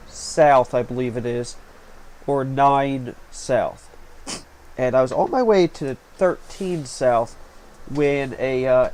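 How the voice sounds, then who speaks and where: A man's voice: mid-range voice, darkish tone, rough recording. Chatty man narrating his own video. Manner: rambling, chatty, many fillers. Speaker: vlog host. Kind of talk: casual voice-over narration. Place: small hot room with a fan running. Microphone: home recording setup. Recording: faint fan noise.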